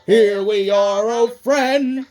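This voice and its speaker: A woman voicing a sentimental male tank engine in a fan cartoon, sing-song and warm-hearted in his phrasing. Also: a little high, very slow, soft background music.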